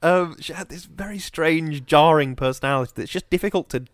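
A man chatting casually as a podcast co-host, telling an animated story full of ums and restarts. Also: a little high, a little fast, no room sound, studio quality. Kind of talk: casual chat. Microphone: on camera, close mic.

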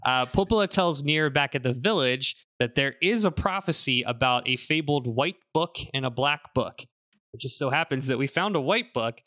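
A man hosting a casual podcast, recapping a game's story in an animated way with fillers. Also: mid-range voice, normal speed. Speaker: podcast host summarizing a game. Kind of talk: casual chat.

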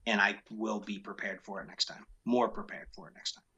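A man's voice: on the low side, steady tone, a little fast, bright, forceful tone, dull audio. A man who owns a business, talking frankly and emphatically in a casual interview, often repeating his key points. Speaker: business owner.

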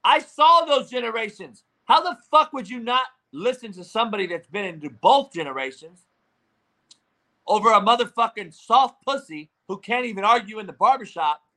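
A man ranting in profane, combative sports talk, with shouting bursts. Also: high-pitched, animated, normal speed. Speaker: sports commentator.

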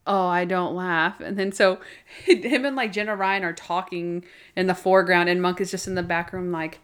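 A woman in casual chat, excitedly retelling a favorite TV episode and acting out its lines with frequent laughter. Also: on the low side, normal speed, smooth. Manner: animated, laughing storyteller acting out quotes.

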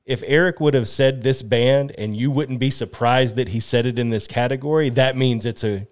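A man's voice: mid-range voice, steady tone, normal speed, smooth. A man co-hosting a podcast game, bantering and teasing the others with frequent laughter. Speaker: podcast co-host and contestant. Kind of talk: casual joking banter.

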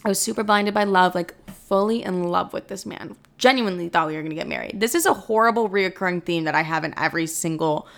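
A woman's voice: lowish voice, quick pace, gravelly, hardly any pauses, fairly bright tone. A young woman in her twenties telling a storytime, dramatic and profane, saying 'like' constantly. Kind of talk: casual storytime monologue.

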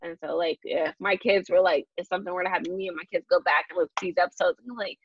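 A woman's voice: fairly low pitch, steady tone, rapid-fire, a little hiss or hum. A young woman hosting a casual podcast chat, rambling with lots of fillers and restarts. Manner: rambling, many fillers and restarts, laughs often. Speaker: podcast host. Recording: dull lo-fi sound.

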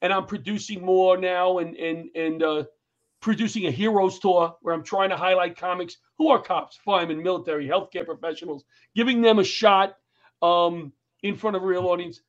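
A man's voice: high-pitched, moderate pace. A middle-aged man, a comedian and firefighter who tells anecdotes in an interview and acts out the people in them. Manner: animated, acts out the voices in his anecdotes. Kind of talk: storytelling in an interview. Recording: dull lo-fi recording.

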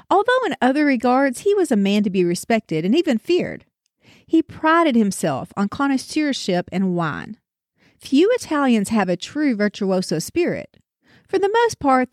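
A woman narrating a classic tale with theatrical flair. Her voice sits slightly high and swoops widely, heard dry and close. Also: no room sound. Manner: theatrical, expressive. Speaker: storyteller. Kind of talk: dramatic story retelling.

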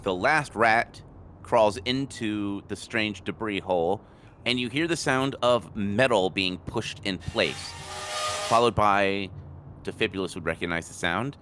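A man narrating a tabletop game as game master, describing scenes in a relaxed way with small restarts. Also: on the low side, background noise.

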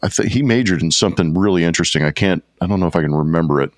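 A man's voice: deep voice, very fast, no echo. A man with a slight Southern accent, co-hosting a casual sports podcast with dry, joking remarks. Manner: dry, joking, laid-back. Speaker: podcast co-host, former player.

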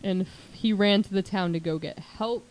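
Woman, podcast host, true crime storytelling, casual, chatty, animated. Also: medium pitch, moderate pace, a little hiss or hum, rough recording. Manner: chatty, animated, says "like" often, puts on voices for quotes.

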